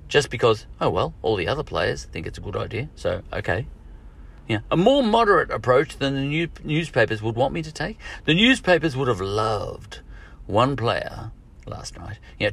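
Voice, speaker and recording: A man's voice: mid-range voice, creaky, a bit bright, husky. An Australian man hosting a podcast, talking in a chatty, digressive solo monologue and often correcting himself mid-thought. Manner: chatty, digressive, self-correcting with frequent "you know" and chuckles. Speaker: podcast host.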